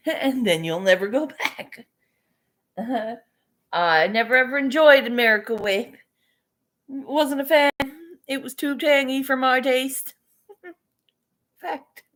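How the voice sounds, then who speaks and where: Casual woman vlogger, slow laid-back delivery, salty and chatty. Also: sits high, animated, fairly bright tone. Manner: chatty, swearing, laughs often. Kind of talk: casual morning chat.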